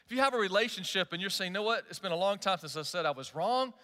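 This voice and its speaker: A man in his forties, a pastor delivering an animated, conversational sermon and putting direct questions to his listeners. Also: high-pitched, quick pace, long reverb tail.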